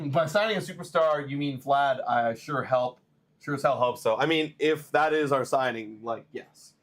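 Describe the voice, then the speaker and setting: A man hosting a live baseball stream, chatting to viewers and reading trade news in a rambling, excitable way while tired. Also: medium pitch, moderate pace. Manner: excitable, rambling, talks to chat. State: tired, yawning. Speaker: baseball livestream host.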